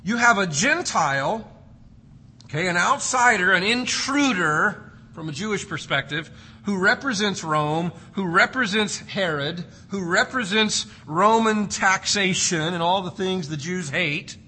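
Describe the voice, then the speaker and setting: A man's voice: high voice, lively intonation, a little slow, sharp tone, slight background noise. A man preaching an expository sermon, emphatic and repeating key words for stress. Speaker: pastor.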